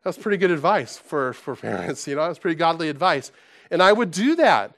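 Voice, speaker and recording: Pastor guy preaching, kinda high voice, goes quiet then loud, lots of restarts. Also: fairly quick. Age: adult, past college. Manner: animated, swings from soft asides to loud exclaims; conversational with frequent restarts. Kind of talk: sermon.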